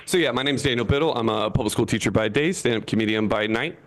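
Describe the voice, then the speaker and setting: A man in his thirties from Florida doing a stand-up comedy set from his seat on an online show, jumping into high voices when he quotes people. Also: quick pace, fairly bright tone. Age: 30s.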